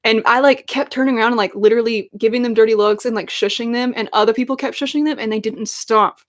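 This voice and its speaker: Young woman venting about a movie, kinda high voice, sarcastic, lots of likes and ums. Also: steady tone, fast. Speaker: streamer. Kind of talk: casual movie rant to stream chat.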